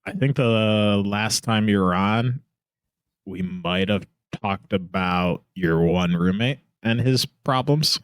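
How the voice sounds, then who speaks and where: A man with a slightly low voice hosts a casual podcast, ribbing his guests with jokes. His voice is close and dry, with no room sound around it. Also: slow pace, clean tone, no room sound. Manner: joking, teasing banter. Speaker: podcast host.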